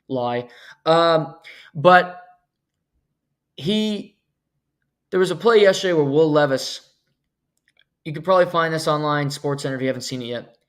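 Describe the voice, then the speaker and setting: A man hosting a solo sports podcast, talking bluntly and sarcastically, ranting with sudden emphatic jumps. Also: fairly high pitch. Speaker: podcast host.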